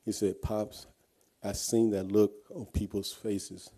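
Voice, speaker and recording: A man's voice: fairly low pitch, little pitch movement, slow, warm tone. A man giving an earnest personal testimony, telling his story with frequent restarts. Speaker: guest speaker.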